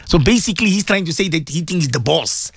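A man's voice: fairly high pitch, expressive, quick pace, slightly rough, dry recording, studio quality. Fervent man preaching on radio. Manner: fervent, repetitive, rhetorical questions. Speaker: radio presenter giving religious advice. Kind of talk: impassioned radio sermon.

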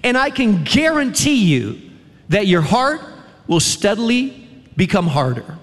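A man preaching a sermon in a chapel, emphatic, with repeated refrains and dramatic pauses. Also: sits high, big pitch swings. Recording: long reverb of a large hall.

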